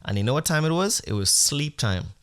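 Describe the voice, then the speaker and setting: A man's voice: a little high, sing-song, brisk, a bit bright, clean tone. Male comedy podcast host, rambling storyteller, profane and mock-earnest.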